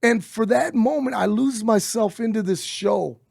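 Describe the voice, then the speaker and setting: Gravelly high-pitched man telling stories. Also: a little slow, dry recording, clean studio sound. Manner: animated, swearing, acts out quotes. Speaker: interview guest. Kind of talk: casual storytelling.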